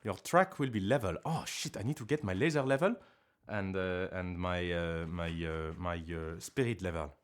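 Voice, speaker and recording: A man chatting casually on a live stream from his living room, rambling and joking at himself with sudden loud outbursts. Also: deep voice, moderate pace, few pauses.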